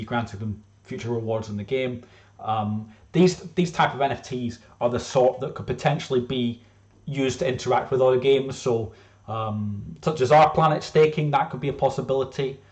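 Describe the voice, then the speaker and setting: A man's voice: mid-range voice, a little mellow. A man presenting his own game casually, rambling with lots of fillers and restarts.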